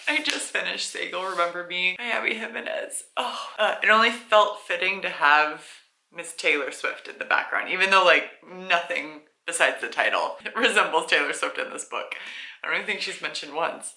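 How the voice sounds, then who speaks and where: A woman's voice: fairly low pitch, normal speed, gravelly, bright, forceful tone. A young woman chatting casually in a reading vlog, gushing and laughing easily as she talks. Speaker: book vlogger. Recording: echoey room.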